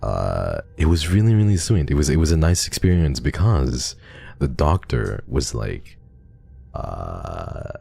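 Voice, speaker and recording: A man's voice: a bass voice, big pitch swings, measured pace, vocal fry, mellow, no room sound. A man streaming live, chatting casually and telling a rambling story with lots of restarts. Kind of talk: casual livestream chat.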